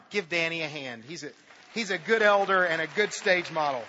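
A man's voice: a little high, fairly quick, sharp tone, a faint crowd. A middle-aged male pastor preaching in a church, telling the story with jokes and reading scripture with big dramatic emphasis. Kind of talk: sermon. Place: church sanctuary. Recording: dull reverberant hall sound.

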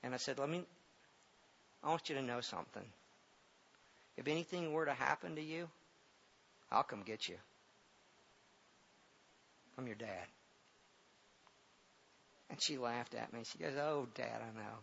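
A middle-aged man preaches with a gravelly, mid-pitched voice. He stumbles and repeats words as he talks, then swells loud and emphatic. The recording is dull and lo-fi, with a faint hiss underneath. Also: measured pace, long pauses. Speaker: pastor. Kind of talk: sermon with personal story.

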